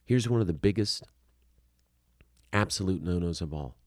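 Deep-voiced blunt acting coach, man. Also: normal speed, no room sound, clean studio sound. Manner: blunt, animated, scolding and encouraging; casual, slightly profane wording. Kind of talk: instructional talk to camera.

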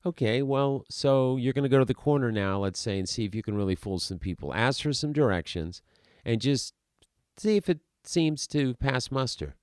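A man's voice: medium pitch, lively intonation, normal speed, a little mellow, clear, resonant tone, dry recording, studio quality. A man, an acting teacher, talking through a podcast monologue in an emphatic way, asking rhetorical questions and repeating words as he makes his points.

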